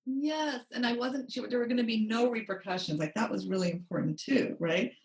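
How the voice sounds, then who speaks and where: Guesting on a podcast, a female money coach recounts a story with animation, voicing the quotes herself. She speaks a little fast in a voice on the high side, and the recording sounds roomy and distant from the mic.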